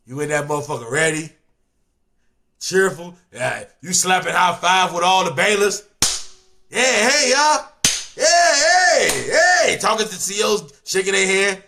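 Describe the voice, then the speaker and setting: A young man with a high, ringing voice reacts out loud to a video. He riffs in heavy slang, swings between mutters and shouts, and curses freely in casual commentary. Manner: loud, animated, profane slang-heavy riffing.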